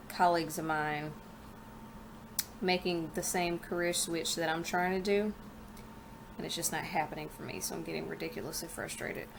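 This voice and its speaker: A woman's voice: on the low side, creaky, a little hiss or hum. A young adult woman vlogging from her living room floor, talking candidly and rambling, her speech a little slurred by a retainer. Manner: candid, rambling, venting with frank asides. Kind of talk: casual chat vlog.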